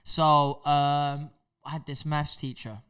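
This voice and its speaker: An Englishman in his twenties co-hosting a casual podcast, telling a story with laughter and animated energy. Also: a little high, takes it slowly, smooth. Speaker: podcast co-host. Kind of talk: casual chat. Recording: voice a little off-mic.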